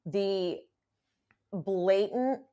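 A woman hosting a podcast in casual chat, expressive, with many agreeing murmurs. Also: mid-range voice, extremely slow. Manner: expressive, lots of agreeing murmurs, reads news reports aloud.

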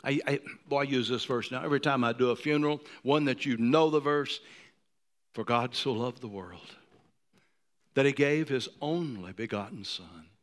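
A man in his sixties preaching a sermon, moved to tears, who swings from ringing high declarations down to hushed near-whispers. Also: moderate pace. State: emotional, choked up. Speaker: pastor.

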